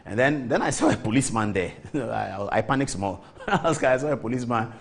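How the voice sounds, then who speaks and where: A man in his forties with a Ghanaian accent, telling an animated story on a TV talk show and mimicking the people he quotes. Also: medium pitch, brisk, creaky. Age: 40s.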